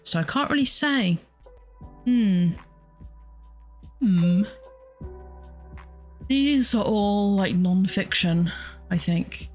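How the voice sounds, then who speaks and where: A young woman hosts a casual solo chat at a mid-range pitch. She talks in a loose, rambling way, with frequent exclamations and laughter. Faint music plays underneath. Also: extremely slow, long pauses, a little mellow. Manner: rambling and chatty, exclaims often, laughs a lot. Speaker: podcast host and streamer.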